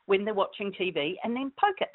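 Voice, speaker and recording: A woman's voice: mid-range voice, animated, fairly quick. A woman, a guest expert explaining things steadily in an interview. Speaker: guest expert on dog safety. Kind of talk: interview answers. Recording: tinny phone line.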